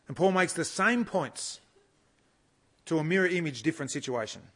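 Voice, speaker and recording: A man giving an expository sermon at a conference, reading scripture slowly and pausing to explain it with measured emphasis. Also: fairly high pitch, animated, a bit bright, breathy edge. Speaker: conference speaker teaching the Bible.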